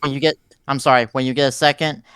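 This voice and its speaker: A man taking part as a player in a tabletop role-playing game, talking in a relaxed way and laughing between lines. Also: medium pitch, fast talker, smooth, no room sound. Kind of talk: casual tabletop role-play.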